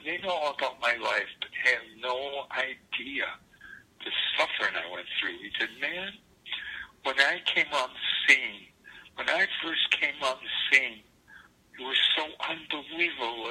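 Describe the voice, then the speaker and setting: A man voicing a weary, wounded famous male singer in a hushed, confiding tone. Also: mid-range voice, animated, unhurried, slightly rough, full character voice, poor audio.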